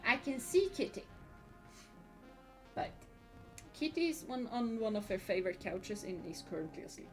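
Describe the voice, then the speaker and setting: A woman's voice: a little high, big pitch swings, moderate pace, long pauses, music in the background. A woman from Sweden, streaming a game in casual chat, giggling often and answering comments from chat.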